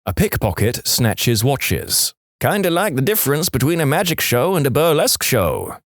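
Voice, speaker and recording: A man narrating jokes on a podcast in a wry, animated storytelling manner. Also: medium pitch, moderate pace, no echo, studio quality. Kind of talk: reading jokes aloud.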